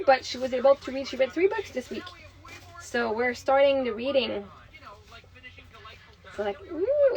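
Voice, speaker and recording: A woman with a high voice talks loosely to her camera at home. Her speech wanders, with fillers and restarts, like a mother sharing her day. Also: highs cut off. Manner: chatty, rambling, with many fillers. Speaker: mother and vlogger. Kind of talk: casual home vlog chat. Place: home kitchen.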